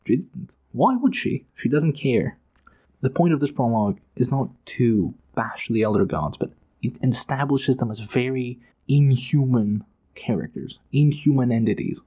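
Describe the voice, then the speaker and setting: A man's voice: mid-range voice, animated, normal speed, mellow, breathy edge. A man giving an emphatic, profane, passionate casual analysis of a book. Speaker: book commentator.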